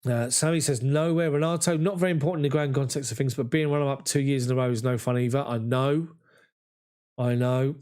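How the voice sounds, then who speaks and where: A man, hosting a live fan chat after a match and reading viewer comments in an excitable, chatty way. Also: mid-range voice, fairly quick, clean tone. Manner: excitable, chatty, mimics voices in anecdotes. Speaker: fan channel host.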